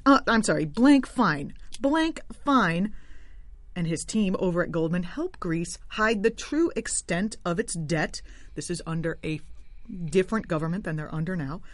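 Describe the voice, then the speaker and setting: A woman's voice: medium pitch, no room sound. A woman hosting her show from a home studio, giving satirical political commentary with sarcastic, wry asides. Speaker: show host.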